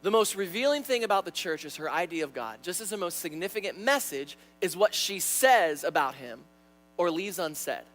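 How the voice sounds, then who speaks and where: Young male pastor, high-pitched, animated sermon delivery, stumbles on repeated words. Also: moderate pace, soft background music. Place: church sanctuary.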